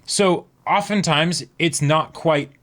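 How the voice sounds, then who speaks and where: A man's voice: a little high, slow pace. A man co-hosting an anime reaction show, chatting casually and explaining with frequent "right?" asides. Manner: animated storyteller, lots of affirming "mm-hmm" and "right?". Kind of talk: casual chat.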